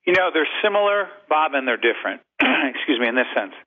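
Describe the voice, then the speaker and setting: A man's voice: medium pitch, sing-song, brisk. A man talking as a radio interview guest about leadership, emphatic and driving his points home by repeating phrases. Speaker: guest, leadership and communication author. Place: call-in to satellite radio show. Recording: phone-line quality.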